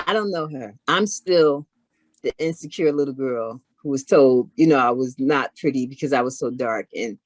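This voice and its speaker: A middle-aged woman chatting casually as an interview guest, telling animated stories. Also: rumbling low, normal speed, dry recording. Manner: animated, acts out others in her stories. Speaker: guest, knitwear maker. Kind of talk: casual storytelling chat.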